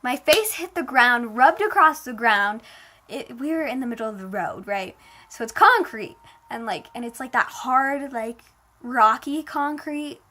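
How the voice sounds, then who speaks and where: A woman's voice: on the high side, lively intonation, unhurried, bright, forceful tone, a little hiss or hum. A woman casually telling a personal story. She fills her talk with "like" and retells it in a dramatic, emotional way.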